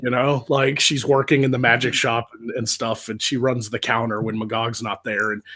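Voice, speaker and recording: A man's voice: medium pitch, normal speed. A young man in casual group chat, animatedly retelling stories and acting out quotes. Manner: animated storyteller, acts out quotes in voices. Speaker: podcast co-host.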